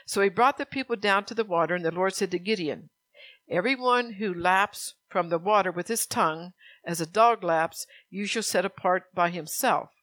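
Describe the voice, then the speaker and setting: A woman pastor preaching a sermon. She reads scripture slowly and earnestly and puts direct questions to her congregation. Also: lowish voice, fairly bright tone, no room sound.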